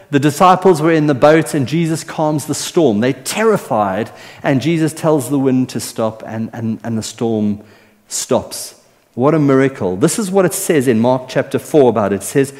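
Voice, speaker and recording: A male pastor preaching, his voice ringing with a long reverb through a large hall. He talks earnestly, building to loud, excited peaks and then falling to soft, hushed lines. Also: medium pitch. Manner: earnest, animated storytelling with swings between loud and soft. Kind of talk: sermon.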